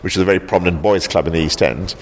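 Answering an interviewer, this low-pitched man hesitates, repeats words, and regularly ends with "actually". He was born in South Africa and founded a local heritage group, and a faint hiss or hum runs under the audio.

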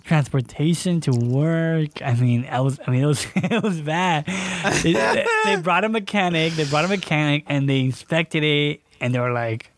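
A young man co-hosting a podcast, telling a story in casual chat, animated and acting out what people said. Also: a little high, normal speed. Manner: animated, acts out quotes with fillers. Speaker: podcast co-host.

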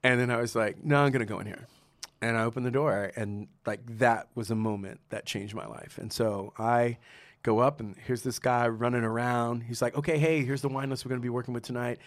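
A man being interviewed, telling stories in a casual, animated way, laughing often and acting out what people said. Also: mid-range voice, fairly quick, no room sound. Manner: animated, laughs often, acts out quoted dialogue. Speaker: guest, sommelier and restaurateur.

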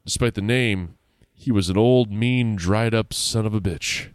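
A man's voice: on the low side, unhurried, clear, resonant tone, no room sound, studio quality. A man reading a spooky story aloud in a casual way, with laughing asides.

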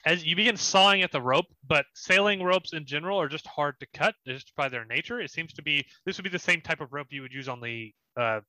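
A man's voice: on the high side, brisk, few pauses, bright, forceful tone, no echo, low-quality recording. A young man narrating as dungeon master of a tabletop game, in a casual, descriptive way. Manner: descriptive, laughs often, casual.

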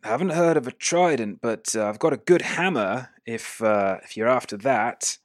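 A man's voice: mid-range voice, animated, moderate pace, dry recording, clean studio sound, close to an everyday voice. A man voicing a blunt, friendly male dwarf. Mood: jolly. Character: jolly male dwarf, gruff and amused.

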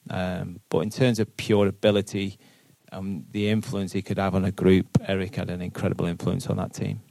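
Low, dark-voiced man. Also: little pitch movement, a little fast, vocal fry, no echo. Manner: earnest, thinks aloud with repeated words. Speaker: football manager, guest. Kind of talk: live podcast interview answers. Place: boardroom with live audience.

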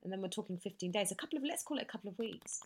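A woman's voice: mid-range voice, animated, rapid-fire, slightly rough. Forties woman co-host with a cold, rambling storyteller, mid-range voice. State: has a cold. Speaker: podcast co-host. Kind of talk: casual chat.

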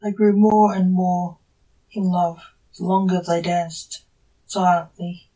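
Slow-reading woman storyteller. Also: lowish voice, level tone, warm tone, distant mic, low-quality recording. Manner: measured, deliberate reading. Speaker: podcast storyteller.

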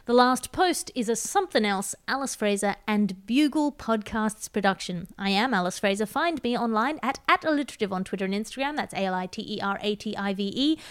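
A woman from Australia hosting a satirical news podcast in a deadpan, mock-exasperated way. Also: medium pitch, a little fast, hardly any pauses, smooth. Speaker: comedy podcast host.

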